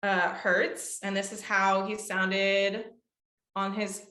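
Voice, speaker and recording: A young woman music therapist addresses a support group over a computer mic, explaining techniques and filling pauses with ums. She breaks into short hummed and sung demonstrations. Her voice sits at an ordinary middle pitch, with a roomy echo. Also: level tone, bright, forceful tone. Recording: echoey room.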